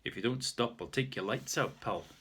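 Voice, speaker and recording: Guy putting on a kindly old scottish fella, ex-army, a bit gruff. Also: medium pitch, moderate pace, a bit bright. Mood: threatening.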